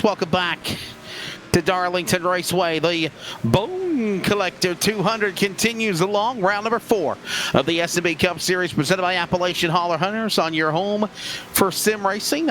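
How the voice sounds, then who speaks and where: A man calling a sim race as lead commentator, with excitable play-by-play and quick reactions. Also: sits high, a little hiss or hum.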